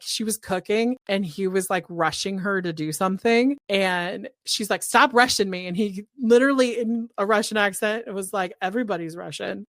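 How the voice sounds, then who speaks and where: A woman co-hosting a podcast, chatting casually and retelling scenes in an animated way with lots of fillers. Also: mid-range voice, no echo, clean studio sound. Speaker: podcast co-host.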